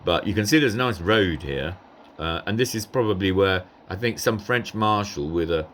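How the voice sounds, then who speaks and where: A man's voice: low voice, expressive, normal speed, a bit bright, slight background noise. A man casually commenting over a recording of a strategy game, rambling and hesitant with many ums and asides. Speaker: gameplay commentator.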